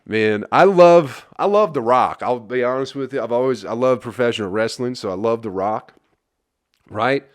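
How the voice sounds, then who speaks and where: A man's voice: mid-range voice, moderate pace, no room sound, studio quality. A hungover man from Flint, Michigan, hosting his own podcast, ranting in a profane, exasperated ramble. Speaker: comedian podcast host. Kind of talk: solo rambling podcast rant.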